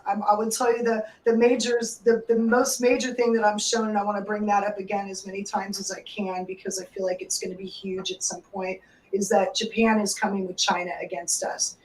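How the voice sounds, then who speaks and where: A woman hosts a live call-in radio show, rambling and emotional, with curses dropped in along the way. Her voice sits back from the microphone, and the room gives it a roomy echo. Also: mid-range voice. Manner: emotional, rambling, swears freely. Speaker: psychic radio host. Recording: echoey room, distant mic.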